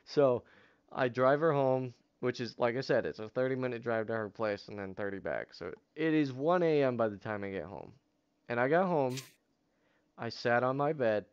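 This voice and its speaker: Dude rambling through a story on a podcast, smooth voice, kinda dull online-call sound. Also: male voice, mid-range voice, moderate pace. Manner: rambling storyteller, swears, many fillers. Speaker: podcast host. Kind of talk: casual chat. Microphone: headset over online voice chat.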